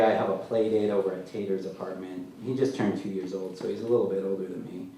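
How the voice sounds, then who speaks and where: A man as an author at a live literary reading, telling his story in a dry, deadpan way, recorded from far off in a large hall. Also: deep voice, fast talker, few pauses. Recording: echoey hall, mic far off, faint noise.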